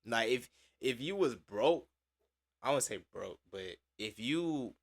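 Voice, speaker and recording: A man's voice: mid-range voice, lively intonation, slow. A man reacting to a video in casual, slangy and profane chat, full of fillers.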